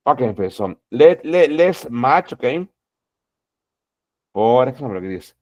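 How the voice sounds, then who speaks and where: A man's voice: medium pitch, sing-song, a little slow, long pauses, darkish tone, no echo. A man teaching an English class, encouraging students and saying "okay" and "exactly" again and again. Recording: dull lo-fi sound.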